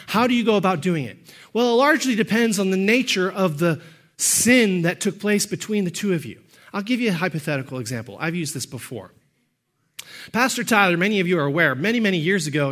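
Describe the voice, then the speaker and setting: A man preaching a sermon as pastor, emphatic and rising to shouts on key points, then dropping into quick, low-key storytelling. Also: animated.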